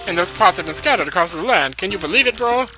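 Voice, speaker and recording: A man putting on an eager, slightly nervous plumber hero from a video game, his fake Italian-style accent bouncing along well above his own voice. The tone is very bright and edgy, with a chatty, boastful streak. The man reads the lines as a let's-play commentator. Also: high-pitched, animated, fast, soft background music, voice pushed up, full character voice, rough recording. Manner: eager, chatty, calls listener bro. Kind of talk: reading game dialogue aloud in character.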